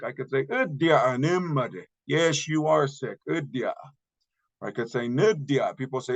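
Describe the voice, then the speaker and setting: A man teaching a recorded language lesson, slowly repeating example words and explaining the grammar step by step. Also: mid-range voice, big pitch swings, gravelly, low-quality recording. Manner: patient, slow repetition of example words.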